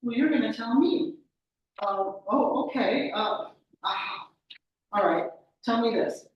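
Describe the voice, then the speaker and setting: Woman voicing a gruff, impatient phone coach, clipped and pushy; distant, echoey room sound. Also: a little high, highs cut off, slight background noise, voice pushed up. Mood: brisk. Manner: curt, impatient, rapid-fire questions.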